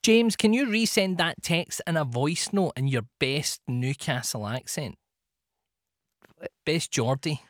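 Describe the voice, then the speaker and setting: A man's voice: a little high, slow pace, fairly bright tone, no echo. A man co-hosting a radio show, bantering playfully with teasing jokes and asides on a studio mic. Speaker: radio co-host. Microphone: studio microphone.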